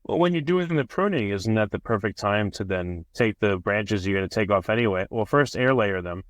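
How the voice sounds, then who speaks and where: A man's voice: fairly low pitch, animated, normal speed, dry recording. A man hosting an interview, asking long curious questions that ramble and restart. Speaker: podcast host.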